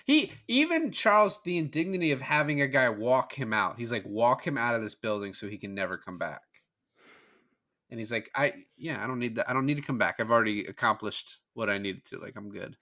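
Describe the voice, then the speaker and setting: A podcast guest with a bright, forward, medium-pitched voice chats easily and animatedly with friends about a film. As he retells scenes, he keeps dropping into quick quoted snippets of the characters, with plenty of casual fillers.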